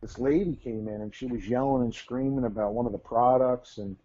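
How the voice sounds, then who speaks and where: A man's voice: mid-range voice, a little fast, dark tone. A man co-hosting a casual live talk show, telling long anecdotes full of restarts and repeated words. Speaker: co-host. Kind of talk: casual live-stream chat. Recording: slightly dull lo-fi audio.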